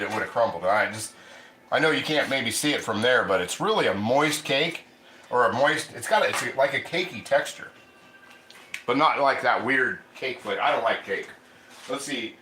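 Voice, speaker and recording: A man's voice: medium pitch, sharp tone, reverberant, slight background noise, rough recording. Chatty man hosting a cooking stream. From Ohio. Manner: chatty, rambling, reads out viewer comments. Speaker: cooking channel host. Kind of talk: casual livestream cooking chat. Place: home kitchen.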